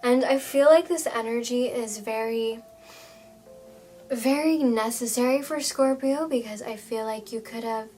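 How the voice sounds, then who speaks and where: A woman reads tarot for her viewers in a gentle, reassuring way. Her voice sits a little high, and she pauses often and fills gaps with soft hesitations. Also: faint music behind. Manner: gentle, reassuring, with frequent fillers. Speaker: tarot reader. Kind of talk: tarot reading monologue.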